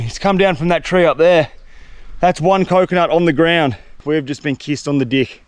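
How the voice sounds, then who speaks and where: A young man, chatting excitedly and slangily to the camera while exploring a tropical jungle outdoors. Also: fairly high pitch, normal speed, clear, resonant tone, no echo. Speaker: survival vlogger. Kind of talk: solo outdoor vlog narration.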